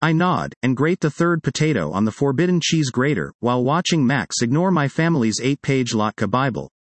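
A man narrates a personal essay with wry, expressive timing. His mid-pitched voice moves through a wide, lively range. The sound is dry and close, with no room around it. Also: moderate pace, dry recording. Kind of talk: reading a personal essay aloud.

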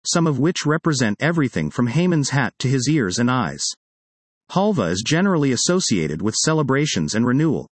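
A man's voice: medium pitch, no room sound. A man reading a magazine article aloud in a plain read-aloud delivery. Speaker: reader.

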